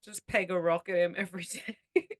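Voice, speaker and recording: A woman's voice: on the low side, steady tone, moderate pace, dry recording, clean studio sound. A young woman co-hosting a podcast, making wry, teasing remarks in casual chat. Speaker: podcast co-host.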